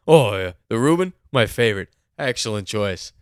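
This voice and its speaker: A man's voice: on the low side, expressive, moderate pace, dry recording, clean studio sound, lightly acted. A man voicing an overeager waiter who fawns over a customer's order, in a storytelling podcast. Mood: gushing. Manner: gushing, fawning. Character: overeager young male waiter. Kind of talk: acted quote in a storytelling podcast.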